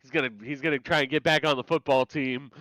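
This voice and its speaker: Male co-host, smooth and clear, stammering dry humor, tight dry mic. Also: mid-range voice, steady tone, fast, fairly bright tone, no room sound, rough recording. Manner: stammers and repeats words, dry joking. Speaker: podcast co-host. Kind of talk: casual chat recapping a TV episode.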